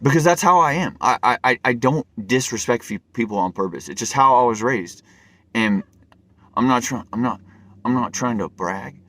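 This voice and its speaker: A man's voice: medium pitch, lively intonation, normal speed, sharp tone. A man telling a personal story to camera in an earnest, rambling way, often stumbling and repeating his words. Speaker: vlogger.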